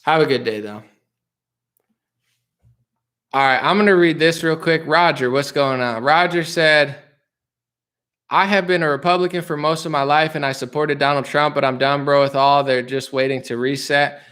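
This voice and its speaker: A man's voice: a little high, normal speed, fairly bright tone. A man hosting a casual political live stream, reading viewer comments aloud and answering them in a loose, rambling way with frequent restarts and dismissive asides.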